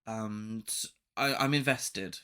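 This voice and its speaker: A man co-hosts a horror film podcast, relaxed and laughing easily as he casually chats about the cast in a review-style conversation. His voice is on the low side, slow, clear and resonant.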